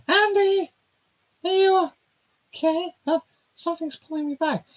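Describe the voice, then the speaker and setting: A man voicing a feisty young woman in a high squeaky falsetto, reading a comic aloud. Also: measured pace, poor audio. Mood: alarmed.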